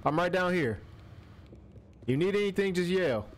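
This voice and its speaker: Here a young man streams a horror game, speaking to the character on screen in lively, skittish slang. His voice is high-pitched and his pace is normal.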